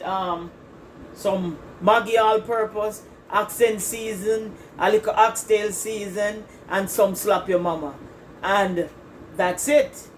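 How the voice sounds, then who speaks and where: Her voice is medium-pitched, and the poor audio carries slight background noise. This cooking channel host leads a casual home cooking demo in her kitchen, talking directly to viewers and repeating things as she works.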